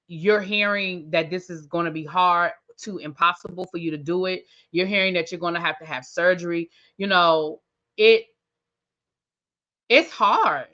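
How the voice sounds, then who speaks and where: This chatty woman runs a TV review channel and recaps shows casually, hammering points home through repetition and tossing in Southern words such as "y'all" and "baby." She speaks at a medium pitch with a pushed, bright quality, but the highs are cut off.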